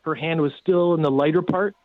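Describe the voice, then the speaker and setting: A man's voice: fairly high pitch, steady tone, brisk, dry recording. A man in casual storytelling, rambling with many fillers as he recounts events. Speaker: guest telling a rescue story. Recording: tinny phone line.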